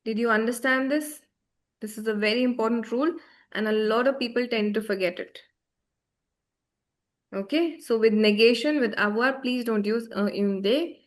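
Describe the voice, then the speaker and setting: Over a video call, a woman with a fairly high voice teaches a beginner French class online at a moderate pace. She's patient and keeps checking that her students are following along.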